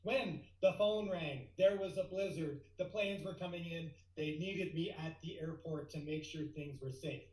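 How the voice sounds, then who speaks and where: A middle-aged man telling a tall tale as a guest speaker, lively and building to excited outbursts. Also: on the high side, normal speed, few pauses, roomy sound, poor audio.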